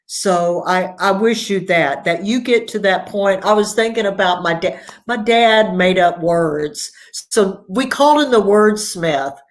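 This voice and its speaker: A woman author as a guest on a live video chat, telling family stories in a warm, storytelling way, heard over a video call. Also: mid-range voice, unhurried, hardly any pauses. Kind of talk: casual interview conversation.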